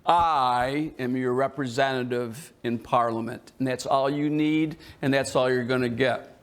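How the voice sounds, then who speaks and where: A stubborn, dismissive English king, put on by a man during a history talk. He refuses in curt, flat repetitions, with no patience for the people asking. The man drops his voice only a little below his own. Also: medium pitch, a little slow, pitched below the performer's own voice, lightly acted.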